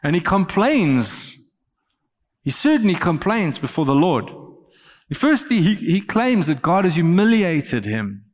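A man preaching a sermon, earnest, growing animated as he quotes scripture. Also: sits high, measured pace, long reverb tail. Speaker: pastor.

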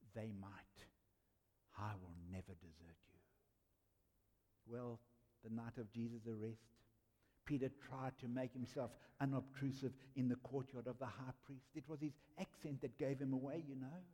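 High-voiced man preaching in a reverberant hall. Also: dark tone. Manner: earnest, emphatic storytelling with dramatic pauses. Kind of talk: sermon.

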